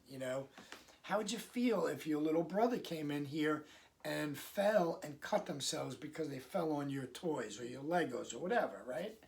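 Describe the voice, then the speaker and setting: A man's voice: fairly high pitch, lively intonation, gravelly, a little mellow. Guy coaching parents, chatty, slips into little acted bits, sounds a bit far off. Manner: conversational, acts out parents and kids in quick asides. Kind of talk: casual advice talk to camera.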